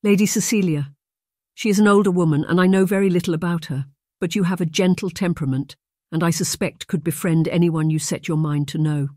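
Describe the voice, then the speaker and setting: A man's voice: fairly high pitch, fairly quick, darkish tone, dry recording, studio quality, voice pushed up, lightly acted. A man voicing a gracious cheerful noblewoman. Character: kindly cheerful middle-aged noblewoman employer.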